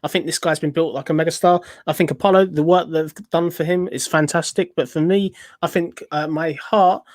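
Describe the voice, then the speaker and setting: A man giving his take in a casual podcast chat, quick with hesitant uhs. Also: on the high side, steady tone, a little mellow, no echo, clean studio sound.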